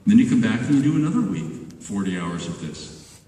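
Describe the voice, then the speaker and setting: A man in his sixties, a voice actor guest at a convention panel, telling animated stories about studio work with laughs and acted-out exchanges, recorded from far off in a large hall. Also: on the low side, brisk, slight background noise. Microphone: handheld camera far from stage.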